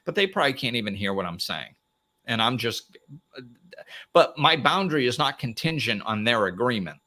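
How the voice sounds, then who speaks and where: A man hosting a live motivational talk, speaking plainly and acting out little dialogues. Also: on the low side. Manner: animated, acts out little dialogues, plain-spoken. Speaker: host.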